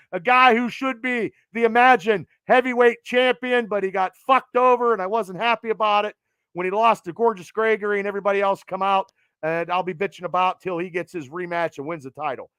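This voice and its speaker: A man's voice: high voice, a bit bright, clean tone, no room sound. A man hosting a podcast, rattling off event plugs in an announcer cadence and swearing casually. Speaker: podcast host.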